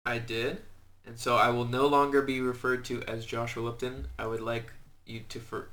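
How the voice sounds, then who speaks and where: A young man hosting a casual podcast with a bright, somewhat tense tone. His pitch stays flat and even as he jokes and teases his co-host with quick asides. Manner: joking, teasing, quick asides. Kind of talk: casual chat.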